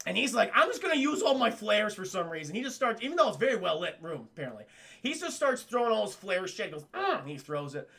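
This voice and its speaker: Excitable high-voiced man recapping a movie. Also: fast, gravelly, slightly rough. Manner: excitable, profane, laughs often, talks to chat. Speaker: film reviewer streaming to live chat. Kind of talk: animated spoiler recap with quoted character voices.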